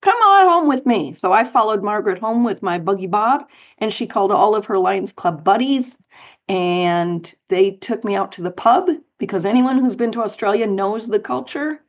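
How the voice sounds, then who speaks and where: A woman's voice: medium pitch, normal speed, highs cut off. Middle-aged woman telling stories. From United States, Colorado. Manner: animated anecdotes with light laughs. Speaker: guest, author and speaker. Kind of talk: storytelling interview.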